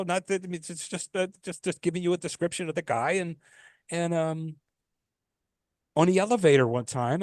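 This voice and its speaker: A man's voice: medium pitch, dry recording, studio quality. A man co-hosting a casual podcast, telling a rambling story full of restarts and fillers, swearing casually. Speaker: podcast co-host.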